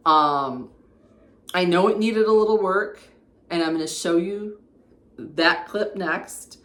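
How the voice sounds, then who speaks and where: A home decor vlogger shows off her redecorated bedroom in a casual room tour, filmed on a tripod camera there. Her voice is lowish, slow, bright and forceful, in an echoey room. She chats homily, pointing out each piece one by one.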